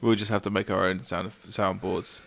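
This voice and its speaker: A man co-hosting a casual podcast, teasing his partner in quick banter and laughing often. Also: low-pitched, flat delivery, vocal fry. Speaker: podcast co-host.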